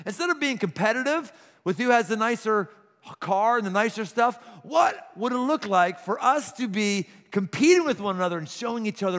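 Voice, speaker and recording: Middle-aged pastor guy preaching, kinda high voice, super animated, big echoey church hall. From Pittsburgh. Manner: animated, acts out little scenes with gasps and laughs. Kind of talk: sermon. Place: large church auditorium. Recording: long hall reverb from a church auditorium.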